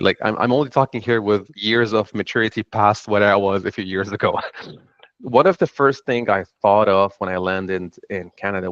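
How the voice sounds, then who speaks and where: On a panel, a middle-aged Lebanese man with a Lebanese accent earnestly reflects on the path his life has taken. His lowish voice has a fairly bright tone. There's no room sound, and the audio comes across dull and dry.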